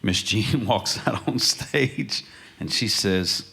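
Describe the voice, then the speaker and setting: A man telling lively stories as a panel guest on a museum stage, often laughing as he gets to the punchline. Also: on the low side, slow, vocal fry. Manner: storytelling, laughs through punchlines. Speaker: panel guest, country singer. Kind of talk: animated anecdote telling.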